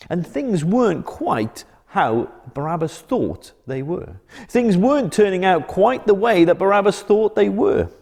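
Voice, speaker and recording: A man presenting a children's church club, telling a Bible story gently and expressively. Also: high voice, long reverb tail.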